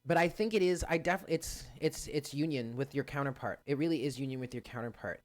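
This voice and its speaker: Guy doing a live card reading, earnest, talks right to the viewers, medium pitch. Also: a little fast. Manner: earnest, addresses viewers directly. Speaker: spiritual card reader.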